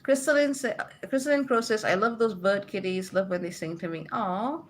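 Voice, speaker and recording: A woman's voice: medium pitch, moderate pace. Chatty woman reading live comments. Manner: warm, chatty, laughs often, reads comments aloud. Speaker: livestream host reading viewer comments. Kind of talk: casual livestream chat. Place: home.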